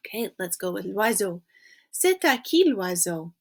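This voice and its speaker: A woman teaching a recorded French lesson in English, patiently prompting students to think and checking in with frequent okays. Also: mid-range voice.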